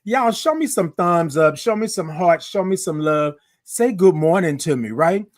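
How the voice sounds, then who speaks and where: A man hosting a live-streamed morning show, chatty and lively, calling out greetings to his viewers. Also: high voice, moderate pace, no room sound, studio quality. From Houston, Texas. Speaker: host.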